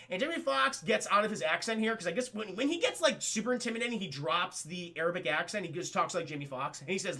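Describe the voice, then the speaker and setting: Young male streamer, high gravelly voice, bright and excitable, profane, chatty recap. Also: quick pace, few pauses. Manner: excitable, profane, keeps addressing chat. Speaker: streamer and film reviewer. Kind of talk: casual live-stream film recap.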